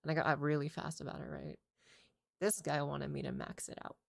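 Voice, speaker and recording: A woman's voice: low-pitched, flat delivery, fairly quick, vocal fry, no echo, clean studio sound. A woman content creator telling a casual story in a rambling, exasperated way, swearing often. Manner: rambling, profane, exasperated retelling.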